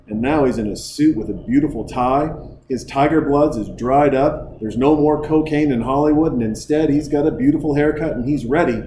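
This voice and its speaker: A man's voice: mid-range voice, slight background noise. Rambling, profane man in an echoey bar. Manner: profane, jokey, excitable. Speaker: podcast host reviewing a film. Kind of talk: casual rambling commentary. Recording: echoey room with loud background ambience.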